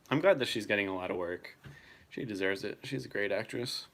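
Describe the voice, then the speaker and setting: A man's voice: on the low side, fairly quick, fairly bright tone, slight background noise. A young man casually chatting on a livestream, answering viewers by name and swearing now and then. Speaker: streamer reading live chat.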